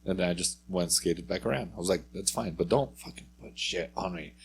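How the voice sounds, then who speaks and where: A man with a low, husky voice co-hosts a casual podcast chat. He rambles through anecdotes and breaks into acted-out quotes of what people said. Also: fairly quick. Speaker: podcast co-host.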